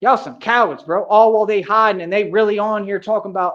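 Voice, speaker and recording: A man with a high, fairly bright voice talks fast with hardly any pauses, ranting heatedly on a livestream. He's confrontational and boastful, packing his speech with street slang, "bro," and "real talk." The stream audio is dull and lo-fi.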